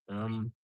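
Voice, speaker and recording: A man's voice: no room sound, dull audio. A man with an Australian accent chatting casually with viewers on a live stream, laughing often and calling everyone mate.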